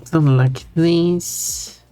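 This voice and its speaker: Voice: medium pitch, fairly even intonation, takes it slowly, mellow. A streamer chatting casually while drawing, rambling with frequent stammers and restarts while answering chat messages. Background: faint background music.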